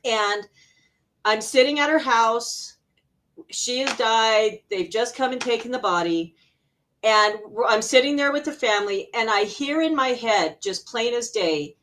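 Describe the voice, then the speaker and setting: A middle-aged woman from Arizona, an interview guest and healer, telling personal stories in a casual, animated way with frequent laughter. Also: on the high side, normal speed. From Arizona, USA.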